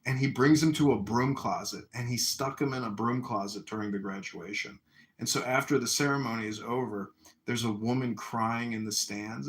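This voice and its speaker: An American man telling a story in a casual chat, animated, acting out shouted voices. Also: mid-range voice, normal speed. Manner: animated, acts out yelling voices in stories. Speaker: podcast host.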